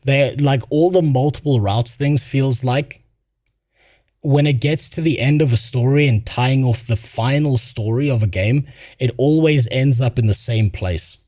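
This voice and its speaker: A man's voice: mid-range voice, measured pace, mellow, no room sound, clean studio sound. A young man streaming, ranting bluntly and swearing a lot, laughing as he tells stories. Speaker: streamer reacting to a video. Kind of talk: casual profane rant.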